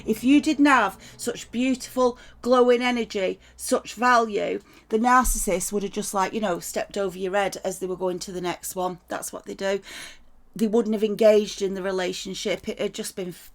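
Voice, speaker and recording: A woman's voice: mid-range voice, steady tone, moderate pace. A woman giving a casual tarot reading in a chatty way, often checking in with "right?" and swearing freely. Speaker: tarot reader.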